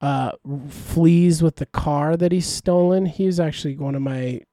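Podcast guy, kinda high voice, lots of ums, joking around, dry sound. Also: unhurried, warm tone, dry recording. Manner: hesitant, lots of fillers, joking. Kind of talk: casual chat.

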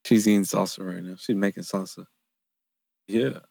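A man's voice: low-pitched, steady tone, normal speed, vocal fry, mellow, dry recording. A laid-back young man co-hosting a casual podcast, laughing often and using plenty of slang. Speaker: podcast co-host. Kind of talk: casual chat.

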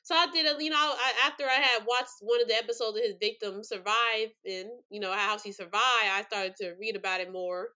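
Bright-voiced tearful woman podcast host. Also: medium pitch, fairly quick, hardly any pauses, clear, resonant tone. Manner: rambling, many fillers, choked up. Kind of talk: emotional true-crime podcast talk.

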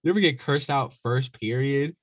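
A young man co-hosting a podcast, telling stories in slangy casual chat with quick bursts and laughing asides. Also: medium pitch, no echo. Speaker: podcast co-host.

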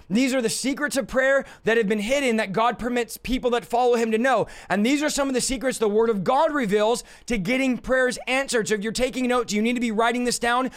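A man preaching a sermon in a loud, impassioned way. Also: very high-pitched.

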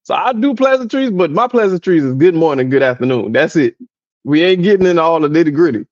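Animated high-voiced man telling stories. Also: fast, no echo, highs cut off. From American South. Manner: animated storytelling, mimics relatives, laughs often. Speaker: podcast co-host. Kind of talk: casual chat.

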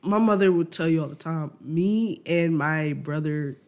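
A man co-hosting a podcast with a voice a touch higher than most. He chats casually and animatedly, acting out what people said and laughing often as he tells stories. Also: unhurried, smooth. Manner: animated storytelling, laughs often, acts out quotes, swears freely. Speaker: podcast co-host. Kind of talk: casual chat.

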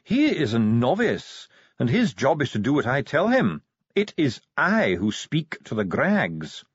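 A man's voice: mid-range voice, wildly swooping pitch, a little slow, breathy edge, no echo, lo-fi sound, pitched above the performer's own voice, exaggerated voice. A man voicing a haughty, disdainful male dwarf steward in an audiobook, speaking in a pompous, clipped, condescending way. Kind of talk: audiobook character voice.

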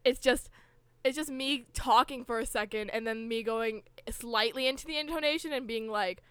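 A woman's voice: a little high, normal speed, a bit bright, clear, resonant tone, no room sound. A young woman co-hosting a podcast, chatting casually and bluntly while she recaps a show. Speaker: podcast co-host.

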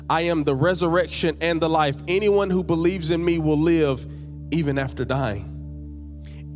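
A man preaching a sermon as pastor, repeating phrases and building to emphatic high peaks, sometimes dropping into casual slang. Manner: conversational, uses casual slang.

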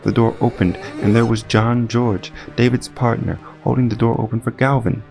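A man's voice: mid-range voice, level tone, normal speed, gravelly, a little mellow, faint music behind. A man reading a first-person audiobook narration with dry, wry asides.

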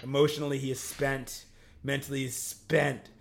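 A young man co-hosting a casual chat, retelling scenes in an animated, exclamatory way with plenty of slang. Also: medium pitch, moderate pace, vocal fry, slight background noise. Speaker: podcast co-host.

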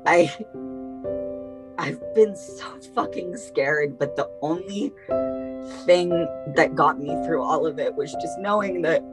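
Woman voicing freed captive woman, shaken but brave, low voice, emotional, swearing. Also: slow, pauses often, music in the background. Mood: tearful.

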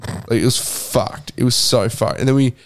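A man's voice: medium pitch, fairly even intonation, normal speed. Rambling man telling a story. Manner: rambling, profane storytelling with many fillers. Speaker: podcast co-host. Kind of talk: casual chat.

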